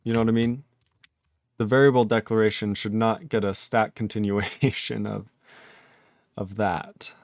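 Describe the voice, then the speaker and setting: A man's voice: lowish voice, little pitch movement, measured pace, pauses often, no room sound. A man live-streaming his programming work, thinking aloud in casual talk, chuckling often and chatting with his viewers.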